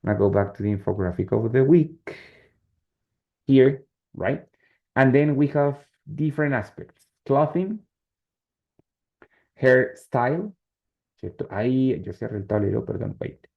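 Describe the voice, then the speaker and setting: This medium-pitched man has lively intonation and vocal fry, speaking unhurriedly and pausing often as he explains English grammar in an online class. He switches between English and Spanish, his first language, and regularly checks in with students. The audio is lo-fi and slightly dull.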